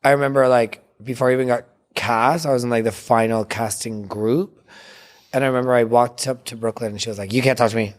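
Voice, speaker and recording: A man's voice: mid-range voice, a little fast. A young man from Canada telling stories as an interview guest, giggling often and acting out what people said. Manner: giggly, animated storyteller who acts out quotes. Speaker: guest, drag performer. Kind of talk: casual interview chat.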